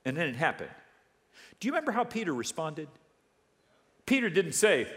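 A man's voice: on the high side, moderate pace, long pauses. A male pastor preaching a sermon, telling stories with animation and calling out to his congregation. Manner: animated storytelling, calls out to congregation. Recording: long reverb of a large hall.

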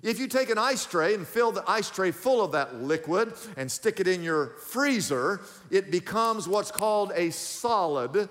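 A male pastor delivering an animated sermon with a slightly high voice. He calls out to the congregation and repeats his key points. The long reverb of a big hall trails after his words. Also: measured pace, few pauses. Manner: animated preaching with call-outs to the congregation.

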